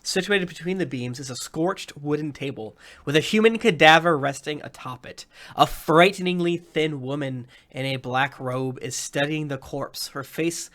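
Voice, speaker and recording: A man's voice: a little high, moderate pace, few pauses, a bit bright. A man narrating a tabletop game as game master, rambling through his descriptions with lots of fillers.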